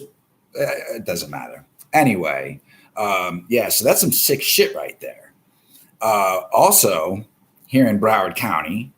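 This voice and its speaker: Guy hosting a live stream, lowish voice that swings around a lot, rambles and cusses nonstop. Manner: profane, rambling, swears constantly. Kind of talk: casual rambling news chat.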